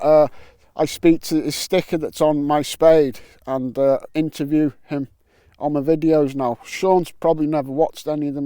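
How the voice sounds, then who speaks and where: Joking detectorist outdoors. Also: male voice, fairly high pitch, mellow, no room sound. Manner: jokey, banters, swears. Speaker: metal detecting vlogger. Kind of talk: casual vlog commentary. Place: outdoors on a windy island. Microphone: camera mic with wind muff.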